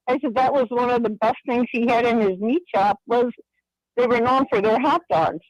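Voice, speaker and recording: A woman's voice: fairly high pitch, moderate pace, no echo. An older woman calling into a radio show, retelling a story in a chatty way with lots of quoted dialogue. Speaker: caller. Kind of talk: phone-in storytelling. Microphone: phone. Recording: dry telephone line.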